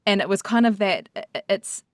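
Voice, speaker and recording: A woman accent coach on a podcast, telling a story in lively fashion and acting out both sides of the conversation. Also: mid-range voice, brisk, dry recording, studio quality. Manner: animated storyteller who acts out both sides of a dialogue. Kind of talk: casual podcast chat.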